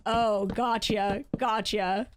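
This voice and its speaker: A woman's voice: medium pitch, steady tone, takes it slowly, a little hiss or hum. A woman streaming and chatting casually while she builds in a game, laughing often.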